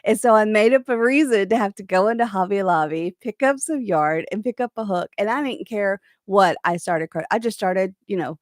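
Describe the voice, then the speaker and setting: A woman's voice: mid-range voice, moderate pace, hardly any pauses, no echo, clean studio sound. Chatty Southern woman hosting a live chat. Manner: chatty storyteller who laughs easily. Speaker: host of a live crochet chat. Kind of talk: casual live-stream chat reading viewer comments.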